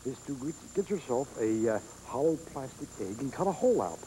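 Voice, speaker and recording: A man's voice: medium pitch, sing-song, a little fast, dark tone, slight background noise, rough recording. A man doing magic trick patter on a 1970s horror TV show, showy and chuckling.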